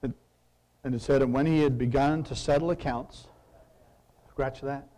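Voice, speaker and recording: A man's voice: mid-range voice, steady tone, moderate pace, warm tone. A man preaching a conversational sermon, reading scripture and asking his listeners questions. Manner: conversational, asks the audience questions.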